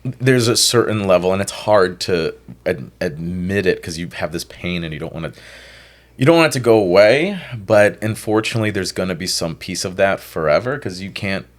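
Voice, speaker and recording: Low-voiced guy coaching on love and grief, chill, lots of "like". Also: normal speed. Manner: relaxed, reflective, uses filler "like" often. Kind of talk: casual podcast advice.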